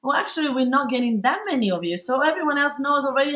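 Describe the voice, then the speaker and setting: A woman from Italy with an Italian accent, hosting a live webinar in a fast, bubbly, chatty way with many fillers. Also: sits high, lively intonation, a bit bright. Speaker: webinar host.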